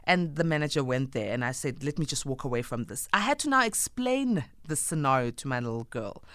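A woman hosting a radio talk show, speaking in a heartfelt, expressive way. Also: extremely low pitch, a little fast, no echo. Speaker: radio host.

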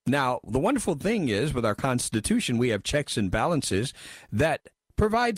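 A man's voice: mid-range voice, big pitch swings, normal speed, breathy edge, no echo. A man hosting a talk radio show, reading listener messages and giving wry, emphatic commentary into a studio microphone.

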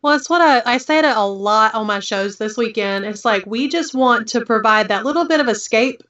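A woman's voice: fairly high pitch, moderate pace, a bit bright. Chatty woman radio host, dull sound. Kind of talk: casual chat.

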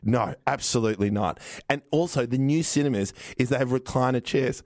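A man's voice: medium pitch, a little fast, darkish tone, no echo, studio quality. A man in his thirties with an Australian accent, chatting casually as a podcast host and telling rambling stories full of fillers. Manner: rambling storyteller, many fillers. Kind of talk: casual chat.

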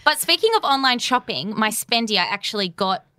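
A young woman chats and tells stories as a podcast co-host. Her pitch moves around a lot as she talks. The sound is close and dry, with no room. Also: a little fast, dry recording. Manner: chatty, storytelling, lively. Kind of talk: casual chat.

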